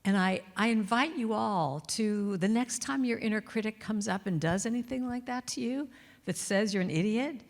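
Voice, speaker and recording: A middle-aged woman giving a talk at a church, telling stories and softly singing lines of her chants. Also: mid-range voice, normal speed. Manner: warm storytelling, sings lines softly. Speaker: guest speaker and singer. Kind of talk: sermon with sung chants. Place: church sanctuary. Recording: long hall reverb.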